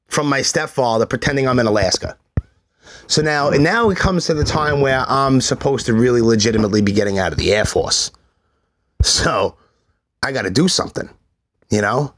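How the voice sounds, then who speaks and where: A middle-aged man, telling his life story on a solo podcast in a profane, animated way. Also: medium pitch. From New York City. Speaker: podcast host.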